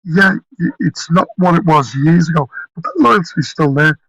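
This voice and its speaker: Blunt Scouse man, fairly high voice. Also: moderate pace, fairly bright tone, no echo, muffled recording. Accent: Liverpool (Scouse), softened. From Liverpool, England. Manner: blunt and emphatic, swears freely. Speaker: panel guest. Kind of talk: casual chat.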